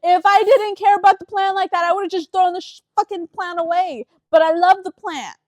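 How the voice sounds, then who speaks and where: A young woman co-hosting a podcast with her brother, telling stories in animated, swearing casual chat. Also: extremely high pitch, brisk, dry recording. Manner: animated storytelling, swears freely. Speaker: podcast co-host.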